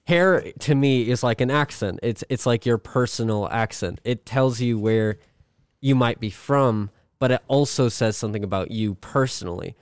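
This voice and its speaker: A young man co-hosting a podcast, calmly explaining his views in casual chat. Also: mid-range voice, normal speed, clear, resonant tone, no echo, studio quality. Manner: thoughtful, explains ideas at length. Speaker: podcast co-host.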